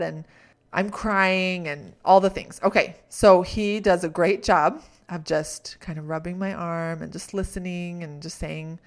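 A middle-aged woman talks through a personal story in a reflective coaching tone. She is candid and laughs at herself now and then. Her voice sits a little on the low side. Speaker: podcast host.

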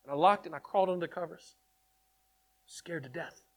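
A man telling his testimony in an animated storytelling way, excitable and repeating words in quick bursts. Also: on the high side. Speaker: speaker sharing his testimony.

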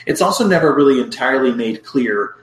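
A man's voice: mid-range voice, lively intonation. Wry man in an echoey room. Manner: measured, wry, hedging asides. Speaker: podcast co-host. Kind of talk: casual film review chat.

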